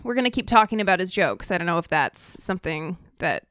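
A woman's voice: on the low side, animated, fast, fairly bright tone, no echo, clean studio sound. A woman co-hosting a podcast, talking through a serious topic in casual, hesitant chat with a thoughtful manner. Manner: thoughtful, hesitant, with fillers and restarts. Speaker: co-host.

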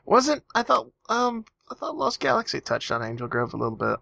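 Gravelly sarcastic guy on a podcast. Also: extremely high pitch, wildly swooping pitch, brisk, sharp tone, dry recording, clean studio sound. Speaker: podcast co-host. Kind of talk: casual chat.

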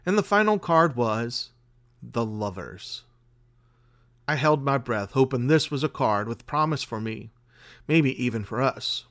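A man hosting a podcast and reading a spooky tale aloud in a measured, dramatic way. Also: medium pitch, lively intonation, a bit bright. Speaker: podcast host and story reader. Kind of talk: scripted story narration.

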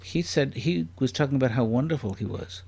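Guy guesting on a comedy podcast, meanders around, keeps asking playful questions, middle pitched voice. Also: animated, brisk, vocal fry, warm tone, breathy edge. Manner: rambling and curious, fires off playful questions. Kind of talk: casual podcast chat.

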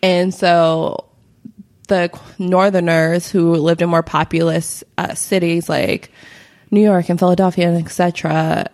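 A woman's voice: lowish voice, level tone, measured pace, a little mellow. A woman co-hosting a podcast, explaining history in a rambling casual chat with many fillers and frequent laughter. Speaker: podcast co-host.

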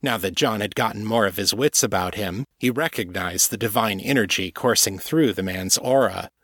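A man narrating a fantasy story in a measured, deliberate way. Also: fairly low pitch, a bit bright, no echo, clean studio sound. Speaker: audiobook narrator. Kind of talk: scripted fiction narration.

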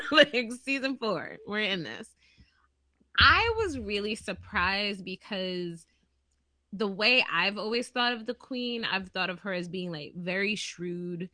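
Bright, joking woman on a podcast. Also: mid-range voice, dry recording. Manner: animated, joking, laughs a lot. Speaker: podcast co-host. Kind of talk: casual chat.

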